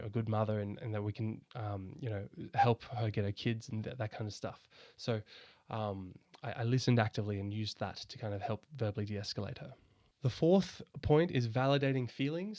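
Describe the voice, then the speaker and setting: A man's voice: mid-range voice, a little mellow, no echo. A man giving a casual, conversational explainer on handling someone in crisis, often restarting and repeating words. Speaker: educator explaining psychosis first aid.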